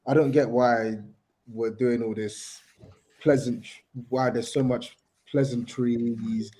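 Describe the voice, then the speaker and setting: A man's voice: mid-range voice, mellow. A man, co-hosting a podcast and arguing hard about football, insisting on finishing his point and repeating himself. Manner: argumentative, talks over others, insistent repeats. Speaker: podcast co-host. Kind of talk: heated football debate.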